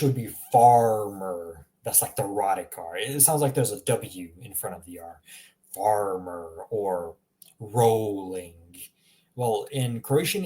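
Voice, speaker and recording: Relaxed man teaching pronunciation. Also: medium pitch. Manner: relaxed, chatty, laughs often, reacts to viewer examples. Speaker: language teacher. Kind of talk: casual live language lesson.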